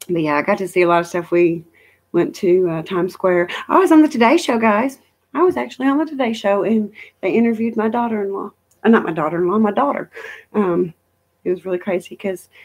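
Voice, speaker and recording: A woman's voice: on the low side, darkish tone. A middle-aged woman chatting casually on a live stream from home, rambling through travel stories and reading viewer comments aloud. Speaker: livestream host.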